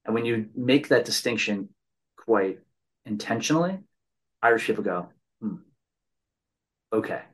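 A man with a slightly low voice hosts a relaxed podcast conversation. He tells long, meandering stories and often tags his points with a quick "right?". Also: poor audio. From United States. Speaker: podcast host. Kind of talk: casual conversation.

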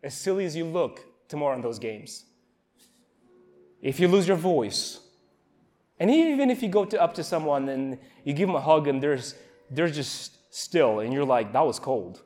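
A young man giving an emotional, earnest informal sermon at a youth camp, with halting restarts. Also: a little high, expressive, a little mellow.

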